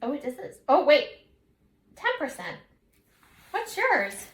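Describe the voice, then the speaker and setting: A woman co-hosts a podcast in loose, giggly conversation. Her voice is high, bright and very lively, leaping up and down as she gets excited. A roomy echo hangs around her. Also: slow pace. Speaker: podcast co-host. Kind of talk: casual chat.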